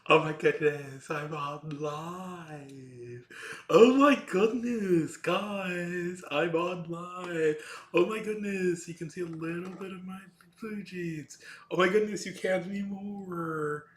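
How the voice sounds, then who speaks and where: A man putting on a squeaky, giddy goofball voice. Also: slow pace. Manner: repeats the same exclamation over and over. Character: goofy squeaky-voiced man greeting a live stream. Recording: echoey room.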